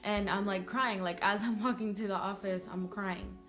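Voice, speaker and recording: A woman's voice: mid-range voice, steady tone, moderate pace, a bit bright, soft background music. A young woman vlogger telling a personal story in a rambling way, full of "like" fillers. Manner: rambling, heavy use of "like" fillers.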